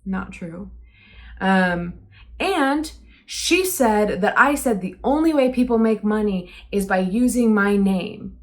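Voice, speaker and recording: A young woman telling her side of a falling-out in a personal vlog, earnest and hesitant with many pauses. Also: mid-range voice, expressive. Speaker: vlogger.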